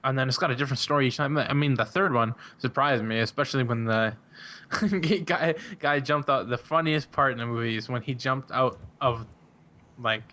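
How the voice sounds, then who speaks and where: A man's voice: medium pitch, moderate pace, pushed and bright. A young man, a podcast guest, chatting casually, rambling with lots of fillers and laughing often. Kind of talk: casual chat.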